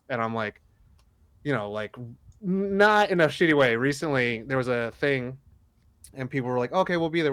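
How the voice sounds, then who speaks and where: A man's voice: medium pitch, a bit bright, dry recording. Rambling, swearing man on a podcast. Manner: rambling, swears a lot, acts out quotes. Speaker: podcast co-host. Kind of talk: casual chat.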